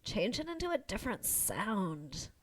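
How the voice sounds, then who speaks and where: Woman, podcast co-host, casual chat, chatty, filler-heavy, mid pitch. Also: big pitch swings, unhurried. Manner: chatty, loose, lots of "like" and "um".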